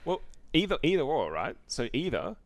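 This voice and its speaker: A man co-hosting a casual games chat show, talking haltingly with restarts and frequent laughs. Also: a little high, wildly swooping pitch, no echo. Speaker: podcast co-host.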